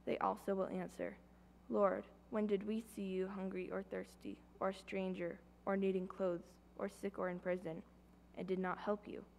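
Woman reading scripture in a flat, gravelly voice. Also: mid-range voice, normal speed, slight background noise. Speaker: scripture reader. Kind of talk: reading scripture aloud in church.

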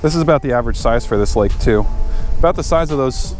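A man's voice: mid-range voice, expressive, quick pace, a little mellow, faint music behind. Chatty man vlogging while fishing. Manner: chatty, talks to viewers while fishing, easily frustrated. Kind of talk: casual vlog narration. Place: outdoors by a lake.

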